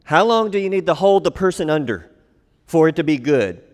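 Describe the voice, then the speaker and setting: A pastor's sermon echoes with long reverb through the church sanctuary as he acts out quoted lines, raising his voice. He sounds animated and brisk, his pitch on the high side.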